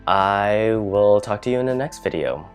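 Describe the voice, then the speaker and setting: A man's voice: fairly low pitch, lively intonation, a little slow, clear, resonant tone, faint music behind. A man hosting a casual writing vlog, chatty and thinking aloud, his voice dipping at the ends of phrases. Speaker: vlog host, writer.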